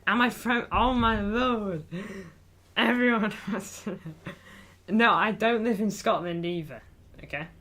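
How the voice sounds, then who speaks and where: A man's voice: high-pitched, a little slow, bright, forceful tone. Chatty jokey football fan streamer, a man. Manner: chatty, jokey, reads chat aloud, calls viewers lad. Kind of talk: casual live stream chat. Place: indoors in front of a green screen.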